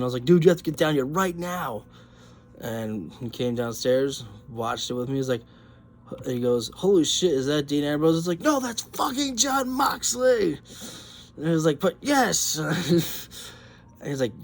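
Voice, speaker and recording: Young guy, mid-pitched, excitable and sweary, rambling solo talk over faint music. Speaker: wrestling podcaster. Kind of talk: casual monologue.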